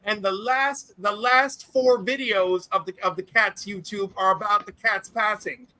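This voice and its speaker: A man's voice: high-pitched, fairly even intonation, measured pace, pushed and bright. A man on a casual online chat panel, talking emphatically and swearing freely. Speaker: panel guest.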